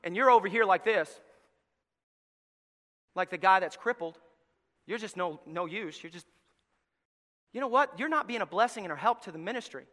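A man preaching a sermon as pastor, telling the story with acted-out voices, going from quiet asides to loud shouts. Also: sits high, lively intonation, moderate pace, pauses often. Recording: long hall reverb.

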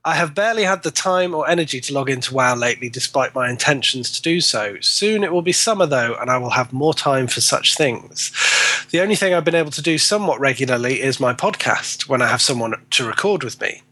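A man's voice: medium pitch, lively intonation, a little fast, sharp tone. A man guest-hosting a gaming podcast, reading a listener letter in casual chat and laughing at himself. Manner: giggly, self-deprecating. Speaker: guest co-host.

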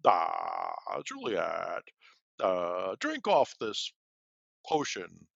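A man's voice: deep voice, huge pitch swings, drawn-out words, vocal fry, a bit bright, no echo, full character voice. A man doing a theatrical voice for an apothecary who hands over poison. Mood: sinister. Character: creepy old apothecary handing over poison. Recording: dull, lo-fi and dry.

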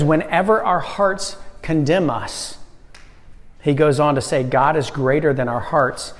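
A youth pastor preaching to a young crowd, animated, swinging between loud emphasis and hushed lines. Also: male voice, on the high side. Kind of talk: sermon. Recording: long reverb of a hall.

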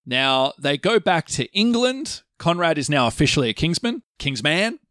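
A man co-hosting a casual podcast, scoring his friend's movie predictions, often laughing and jumping up in pitch when surprised. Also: big pitch swings, moderate pace, sharp tone, no echo, clean studio sound. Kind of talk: casual chat.

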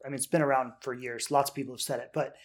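A man's voice: mid-range voice, flat delivery, very fast. A man coaching on relationships, answering listener questions in an earnest way and often checking in with "right?".

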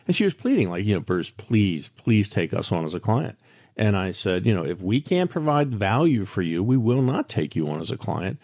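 A man's voice: fairly low pitch, darkish tone, no room sound, clean studio sound. An older man hosting a financial radio show, telling frank stories in a candid, chatty way with many restarts. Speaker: financial advisor radio host. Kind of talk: radio talk monologue.

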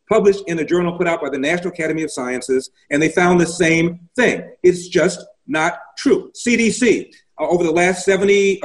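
Male guest commentator, emphatic, stat-heavy, slightly high voice. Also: rough recording. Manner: emphatic, rattles off statistics. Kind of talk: political interview.

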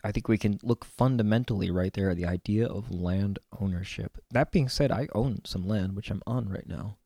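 A man muses through a reflective spiritual talk about a card reading, and his low voice carries a gravelly rasp. He wanders between thoughts with drawn-out words and the occasional whispered aside. The sound is dry and close, with no room around it. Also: warm tone, no echo. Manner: meandering and musing, with many fillers and stretched-out words. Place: on his own land.

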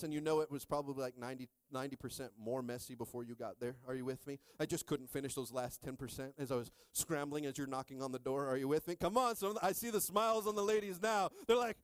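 A middle-aged man preaching with a fairly high voice that climbs into shouting. He keeps calling out to the congregation for response. The sound is dry and close. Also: steady tone, fast talker, few pauses, clear, resonant tone, no room sound. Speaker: pastor. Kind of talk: sermon.

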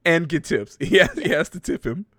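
A man's voice: on the high side, big pitch swings, fairly quick, fairly bright tone, no room sound. A man casually recapping a story and acting out the characters' lines, laughing often as he talks.

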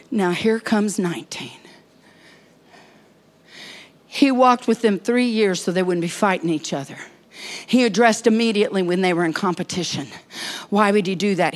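A woman preaching a sermon, dropping into hushed whispers and then rising to urgent calls to the congregation. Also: on the low side.

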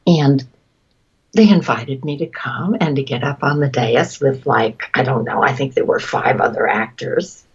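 A woman, a voice actress, telling stories in a casual interview, chatty and quick to laugh, often trailing off mid-sentence. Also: very deep voice, slightly rough, dull audio. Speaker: voice actress guest.

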